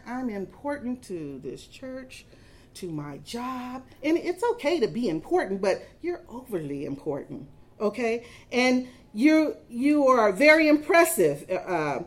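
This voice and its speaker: A woman's voice: high-pitched, darkish tone. A middle-aged woman preaching a sermon, telling stories and building emphasis as she speaks. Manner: storytelling with rising emphasis and acted quotes.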